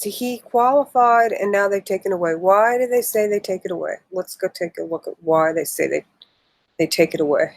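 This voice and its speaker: A woman's voice: medium pitch, dry recording, low-quality recording. A woman hosting a casual political live stream, reading news articles aloud with indignant, emotional asides. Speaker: political livestream host.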